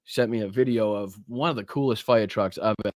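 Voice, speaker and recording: A man's voice: lowish voice, fairly quick, dry recording, clean studio sound. A man with a Boston accent hosting a live podcast, energetically greeting viewers in the chat. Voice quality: energetic, shout-outs to viewers. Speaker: podcast host.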